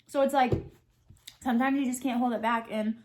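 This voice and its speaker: A woman's voice: on the high side, fairly even intonation, fairly quick, a little mellow. A young woman answering question cards while eating, talking candidly and thinking aloud. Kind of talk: casual mukbang chat.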